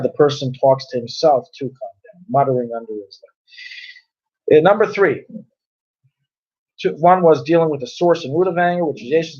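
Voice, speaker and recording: At a middle pitch, a man leads a relaxed, conversational Torah class, working through ideas with everyday examples. He frequently repeats himself and restarts phrases while explaining. The audio is dull and lo-fi.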